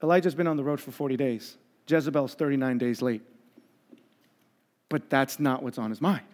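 Male pastor, conversational sermon delivery, mid pitch, reverberant church hall. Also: normal speed, a little mellow. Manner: conversational, acts out quoted voices with humor. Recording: long reverb of a large hall.

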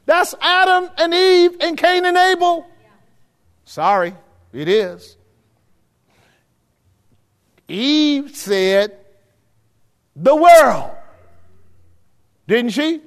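Man, pastor, very high voice, conversational sermon, checks in with the congregation, long hall reverb. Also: slow pace, a bit bright. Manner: conversational preaching, checking in with the room. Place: church hall with a live audience.

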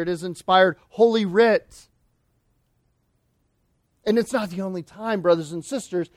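A man preaching a sermon as pastor, emphatic, slowing down and dropping low on key phrases. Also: no echo, studio quality.

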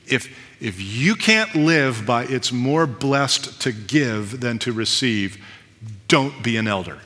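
A man preaching to his congregation, chatty and plainspoken with wry asides at his own expense. His voice is bright and forceful, mid-pitched, and carries a long reverb from a large church hall. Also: moderate pace. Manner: conversational preaching with self-deprecating asides. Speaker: pastor. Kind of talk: sermon.

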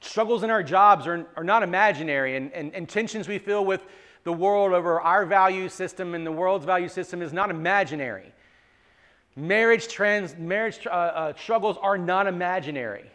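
A male pastor preaching a sermon in an earnest way, often repeating words and moving between loud emphasis and quiet asides. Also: high voice.

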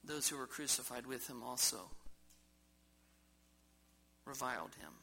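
A man's voice: mid-range voice, animated, unhurried, gravelly, sharp tone, slightly rough, low-quality recording. A man preaching a sermon in a church service, emphatic and full of rhetorical questions to the congregation. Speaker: pastor.

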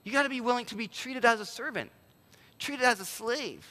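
A man pastor giving a sermon in a conversational, animated way and acting out quotes. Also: very high-pitched, fairly quick, big-room sound.

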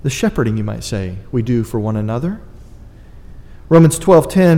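A man's voice: medium pitch, moderate pace, dark tone, long reverb tail. A man preaching a sermon, earnest and emphatic, with dry asides to his congregation. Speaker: pastor.

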